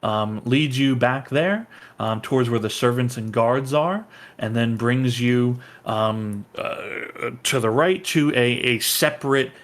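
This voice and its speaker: A man narrating a tabletop game as its game master. He talks casually and loosely, with many ums and likes, at an ordinary middle pitch. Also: slow pace.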